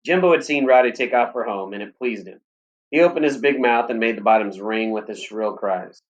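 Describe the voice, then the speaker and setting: A man reading a story aloud in steady, plain audiobook narration. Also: fairly low pitch, brisk, lo-fi sound.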